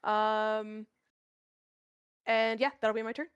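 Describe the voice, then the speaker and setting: A woman playing a tabletop game, talking hesitantly with many pauses and ums. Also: on the high side, flat delivery, smooth, no room sound, muffled recording. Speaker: player. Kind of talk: casual tabletop play.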